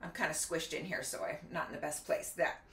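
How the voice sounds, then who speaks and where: A woman's voice: sits low, fairly even intonation, brisk, a bit bright, slight background noise. A middle-aged woman hosting a casual health vlog, chatty and instructive, counting aloud as she demonstrates exercises at home near a kitchen counter, slightly out of breath. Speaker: doctor and video host.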